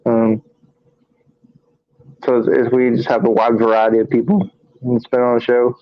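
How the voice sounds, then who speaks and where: A man co-hosting a live paranormal talk stream, speaking in a halting, tired monotone with many fillers and restarts. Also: medium pitch, no echo. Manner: monotone, tired from little sleep. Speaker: paranormal investigator and show co-host. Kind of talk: casual live-stream chat. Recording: dry, dull lo-fi stream audio.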